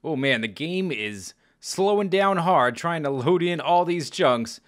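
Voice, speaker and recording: In a fairly high, unhurried voice, a man narrates his gameplay as a Let's Play host. The commentary is chatty and casual, and he's animated, often exclaiming and chuckling at the game.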